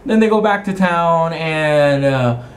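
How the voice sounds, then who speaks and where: Man, fairly high-pitched, game master, rambling session recap, restarts and chuckles, faint room hiss. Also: animated, takes it slowly. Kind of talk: casual recap of a tabletop session.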